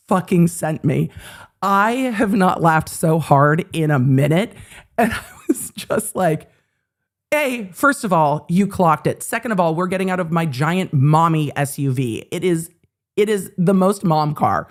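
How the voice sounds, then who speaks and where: A woman in her forties hosting a show, telling a story in casual chat, animated, swearing freely and acting out the quotes. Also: fairly low pitch, unhurried. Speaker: host.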